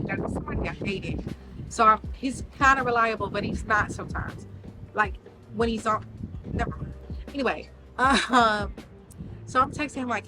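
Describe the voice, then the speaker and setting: A woman vlogger telling a story in a casual, animated way, full of slang and swearing. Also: mid-range voice, fairly quick, over music, poor audio.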